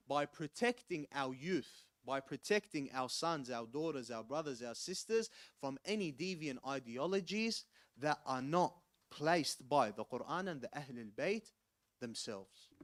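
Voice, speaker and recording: A man giving a mosque sermon, speaking emphatically and rising to loud, urgent warnings. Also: fairly high pitch, dry recording, clean studio sound. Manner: ends in rapid Arabic prayer. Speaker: preacher.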